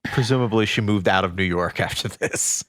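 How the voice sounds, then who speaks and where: A man's voice: on the low side, normal speed, no echo. A man co-hosting a podcast, casually recounting odd facts with playful asides. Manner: animated storytelling, playful asides. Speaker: podcast co-host.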